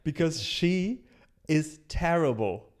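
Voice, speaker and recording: A man hosting a casual chat, rambling and halting with frequent restarts and laughing often. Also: fairly high pitch, lively intonation. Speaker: show host.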